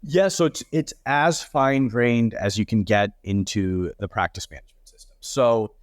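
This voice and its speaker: A man's voice: on the low side, normal speed, no echo, clean studio sound. A man as a guest on a podcast, explaining his company's tool in an easygoing way with light laughs. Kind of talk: casual podcast interview.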